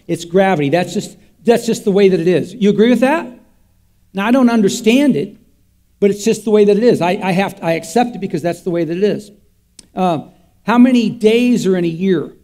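Pastor, male, high mellow voice; folksy interactive sermon, quizzes the crowd. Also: lively intonation, brisk. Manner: call-and-response, quizzing the congregation; folksy, repetitive, with props. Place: church.

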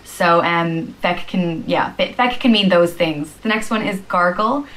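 A woman from Ireland with an Irish accent, patiently explaining slang phrases and acting out examples, with frequent pauses and "um". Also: lowish voice, a bit bright, rough recording. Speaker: slang teacher in a video.

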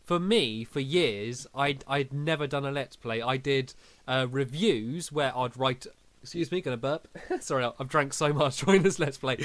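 A man's voice: medium pitch, no room sound. A young man hosting a casual podcast, telling stories animatedly and laughing often. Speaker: podcast host. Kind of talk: casual chat.

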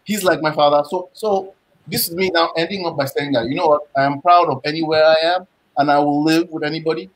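A man with a Nigerian accent speaks on a live panel, his voice sitting a little higher than most men's. He talks emphatically and proudly, and he tells everyday stories in which he acts out both sides of the exchange. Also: steady tone, fast, slight background noise, poor audio. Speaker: panel guest.

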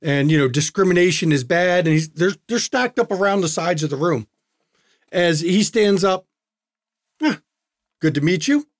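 A man's voice: sits high, moderate pace, no room sound. Dry-voiced male game master. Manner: casual, descriptive, with restarts. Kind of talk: narrating a tabletop game.

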